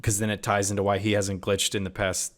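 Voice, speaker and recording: A man's voice: lowish voice, completely flat delivery, brisk, a bit bright. A man giving a casual reaction review of a TV episode, critical and puzzled, often reading out lines of dialogue. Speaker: TV series reviewer.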